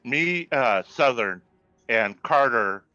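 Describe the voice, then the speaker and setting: A man's voice: medium pitch, lively intonation, slow, pushed and bright. A man playing a tabletop game online, making dry jokes and trailing off mid-thought. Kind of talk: casual banter at the game table. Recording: dull lo-fi online call audio.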